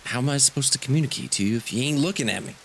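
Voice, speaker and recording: A man's voice: mid-range voice, racing, vocal fry, fairly bright tone, slight background noise. A man playing a tabletop game, talking casually in character with a drawl.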